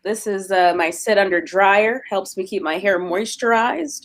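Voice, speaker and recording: A woman's voice: medium pitch, unhurried. Upbeat woman chatting on a stream. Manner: upbeat and laughing. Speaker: guest. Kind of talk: casual chat on a livestream.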